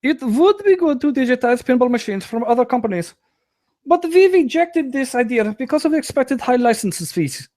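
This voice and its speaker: A man doing a mock German accent to voice a stiff male game developer who answers questions in broken, halting phrases. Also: extremely high pitch, sing-song, darkish tone, voice pushed up. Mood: stiff, earnest. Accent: put-on German. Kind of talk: podcast comedy bit.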